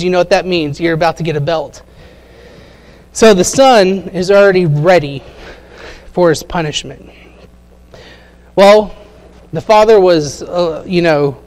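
A man with a high voice preaching a sermon. He talks conversationally, stops often to check in with the congregation, and uses plenty of fillers.

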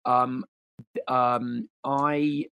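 A man's voice: medium pitch, level tone, very slow, creaky, clean tone, no echo, highs cut off. A man co-hosting a podcast, telling a rambling, playful story in casual chat. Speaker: podcast co-host.

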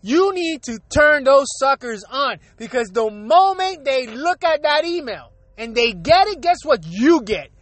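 A high-pitched voice tears into a comedic rant, heavy on profanity and streetwise slang. The podcast host swings into other people's lines to act out both sides of every exchange, then goes right back to ranting. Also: sing-song, a little slow, few pauses, fairly bright tone, no room sound.

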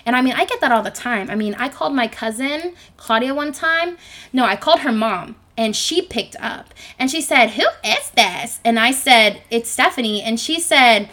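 Young woman with a high, girlish voice. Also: animated, normal speed, sharp tone. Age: 20s. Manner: rambling, self-conscious, chatty with frequent fillers. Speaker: podcast host. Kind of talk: solo podcast monologue, casual chat. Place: home bedroom. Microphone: microphone.

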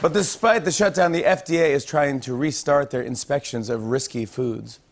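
Punchy late-night host delivering comedy monologue. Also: male voice, mid-range voice, normal speed, a faint crowd. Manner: punchy joke delivery with playful emphasis. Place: television studio with live audience. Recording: studio audience laughter and noise.

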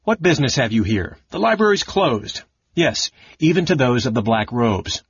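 A man's voice: on the high side, lively intonation, measured pace, breathy edge, no room sound, dull audio, pitched above the performer's own voice, heavily acted. A man voicing a fussy, timid male library scholar who gets indignant and stammers when flustered.

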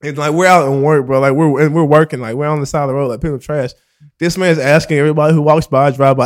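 A young man telling a story in casual chat, animated and profane, acting out quotes and laughing often. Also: fairly high pitch, fast.

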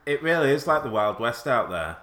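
A man's voice: medium pitch, big pitch swings, a little fast, fairly bright tone. A man in a casual chat who mostly gives short reactions and dry jokes. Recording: echoey room.

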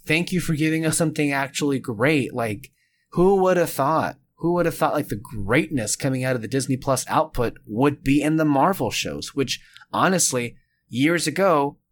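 A man co-hosting a podcast, chatting casually and ranting with animated annoyance. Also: mid-range voice, normal speed. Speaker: podcast co-host.

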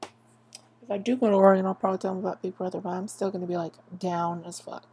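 A young woman podcast host speaks fast at a medium pitch, her delivery flat yet warm with a breathy edge. Her casual monologue about TV is rambling and self-interrupting, full of stops, restarts, and free swearing, her voice worn and strained.

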